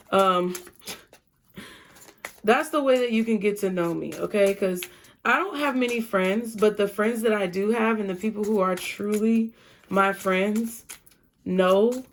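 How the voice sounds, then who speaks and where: Gravelly-voiced woman reading tarot. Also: mid-range voice, slight background noise. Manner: chatty, blunt and profane. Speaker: tarot reader.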